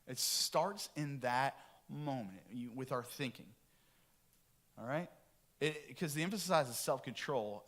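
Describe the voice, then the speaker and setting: A middle-aged man preaching a lively, joking sermon to his congregation in a church. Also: medium pitch. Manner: animated, joking and talking with the congregation. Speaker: pastor. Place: church sanctuary.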